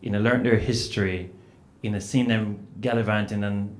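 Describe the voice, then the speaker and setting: A man's voice: fairly low pitch, normal speed. Jamaican man telling a story on a panel. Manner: animated storyteller, frequent "you know" fillers. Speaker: panelist author. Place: event hall at a book festival panel. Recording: roomy hall sound with faint noise.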